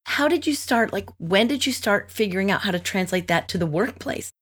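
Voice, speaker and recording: A woman's voice: medium pitch, lively intonation, brisk, slightly rough. A woman hosting a podcast, asking her guest thoughtful interview questions in a conversational way. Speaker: podcast host.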